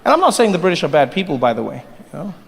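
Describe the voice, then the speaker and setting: A man from Africa performing an animated stand-up comedy routine, acting out voices as he tells stories. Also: on the high side, racing, gravelly, a little hiss or hum. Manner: animated storytelling with acted-out voices. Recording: live hall with audience. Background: audience laughter.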